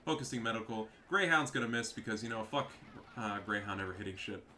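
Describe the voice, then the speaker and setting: A man's voice: on the low side, animated, fast talker, sharp tone, slight background noise. A man giving profane, trash-talking commentary over a strategy game match. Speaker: gameplay commentator.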